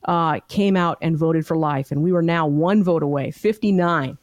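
A woman's voice: low voice, normal speed, dry recording. A middle-aged woman activist, a guest in an interview, telling a story in a fervent, emphatic, rallying way. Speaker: pro-life activist guest.

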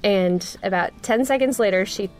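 A woman's voice: medium pitch, a little mellow. Earnest woman telling her story. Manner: earnest, with frequent pauses and restarts. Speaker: interview guest. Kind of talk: conversational storytelling.

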